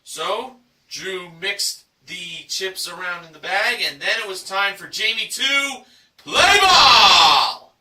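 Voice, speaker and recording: Man, game show recap host, showy announcer delivery, slow pace, roomy echo. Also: sits high, recorded from a distance. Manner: showy announcer delivery, drawn-out shouted prices. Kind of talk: enthusiastic scripted recap narration.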